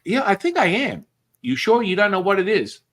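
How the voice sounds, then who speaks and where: A man's voice: high-pitched, animated, moderate pace, a bit bright, voice pushed up. A man voicing a confused young male tourist who does not know he has been hypnotized. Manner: confused, eager.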